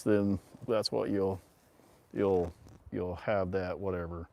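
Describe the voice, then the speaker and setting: A man's voice: low voice, fairly even intonation, slow, vocal fry, mellow. A middle-aged man hosting a casual livestream, telling a rambling story with frequent laughter and casual swearing. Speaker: livestream host.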